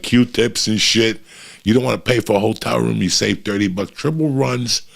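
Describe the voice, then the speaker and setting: A middle-aged comedian tells his stories in a profane, animated rush. His voice sits low and carries a rough, gravelly grain. It sounds like a relaxed, casual conversation. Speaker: comedian guest. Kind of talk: storytelling chat.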